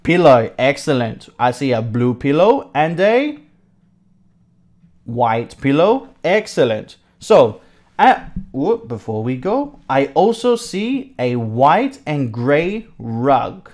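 Slow, lively-voiced English teacher. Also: mid-range voice. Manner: repeats each word slowly, asks checking questions; encouraging, praises answers. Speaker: English teacher for young pupils. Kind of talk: online vocabulary lesson narrating a house tour.

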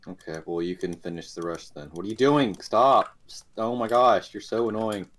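A man's voice: fairly low pitch, brisk, a little hiss or hum. A man gaming with a friend over a voice call, teasing, boastful and bossy as he gives orders. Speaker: gamer in a voice call. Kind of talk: casual gaming banter.

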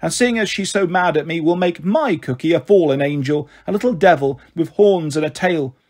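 A man's voice: a little high, normal speed, darkish tone, lightly acted. A man voicing a flighty, affectionate young mother in a storybook reading, with a sweet, coaxing manner. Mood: playful.

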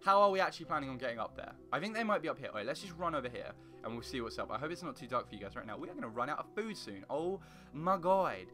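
A young man commenting on his own gameplay in a rambling, excitable way, breaking into panicky yelps. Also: medium pitch, very fast, hardly any pauses, music in the background. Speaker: gaming channel host. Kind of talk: casual let's play commentary.

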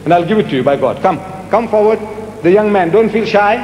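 A man's voice: high voice, animated, brisk, a little mellow. A man giving a public lecture and answering audience questions, emphatic and repetitive, coaxing his listeners. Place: large lecture hall. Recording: echoey archive hall recording, faint hiss.

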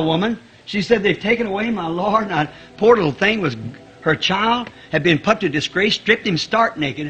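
A man preaching a fervent sermon, chuckling often and rising to shouts at high points.

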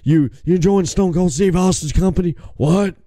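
A man putting on an impression of a gruff wrestling star, taunting his guest in a brash, tough-guy way. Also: high-pitched, normal speed, warm tone, no room sound, clean studio sound, close to an everyday voice.

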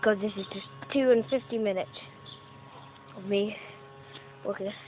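A woman's voice: mid-range voice, unhurried. Chatty young woman, tinny phone sound. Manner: chatty, self-mocking, swears casually. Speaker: vlogger. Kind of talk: casual commentary while playing a mobile game. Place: outdoors, walking around. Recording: tinny phone-like audio with faint noise.

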